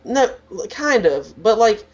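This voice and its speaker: A teenage boy co-hosting a podcast rants casually and at length, packing his speech with "like." His male voice is high with big pitch swings and a slow pace, captured in lo-fi sound.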